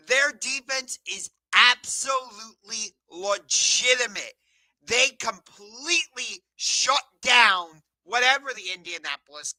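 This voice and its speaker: A man from the Cleveland area hosting a live sports talk show, chatty and energetic, sometimes correcting himself mid-sentence. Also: extremely high pitch, no room sound, poor audio. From Cleveland area, USA.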